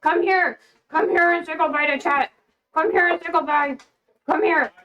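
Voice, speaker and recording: A woman's voice: high voice, fairly even intonation, normal speed, dull audio, slight background noise. A young woman hosting a livestream in casual chat. She rambles, swears and talks bluntly, and she is feeling unwell. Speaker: livestream host.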